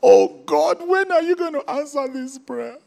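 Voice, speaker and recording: A preacher mimicking a whining, begging churchgoer. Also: male voice, moderate pace, creaky, a little mellow, exaggerated voice. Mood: pleading. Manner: high whining plea. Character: desperate pleading churchgoer, man, whining.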